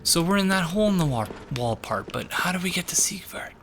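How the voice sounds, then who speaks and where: A man chatting excitedly while playing a game, thinking aloud. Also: high voice, brisk, slight background noise. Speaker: game player. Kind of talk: let's play commentary.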